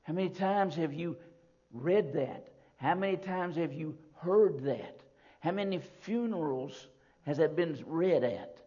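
Man preaching a sermon, emphatic, repetitive, fairly high voice, dull lo-fi recording. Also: expressive, measured pace, mellow, slightly rough. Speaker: pastor. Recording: dull lo-fi sound.

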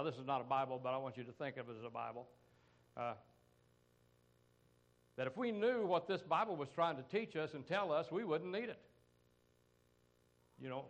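A middle-aged American pastor preaching a folksy sermon, peppered with "amen" and "come on" asides. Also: male voice, a little high, low-quality recording.

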